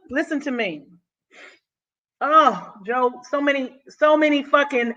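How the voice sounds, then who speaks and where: A woman vlogging to her channel, excited and effusive, a little out of breath, often calling the listener honey. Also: sits high, measured pace, dull audio. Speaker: YouTube vlogger. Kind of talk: casual vlog monologue.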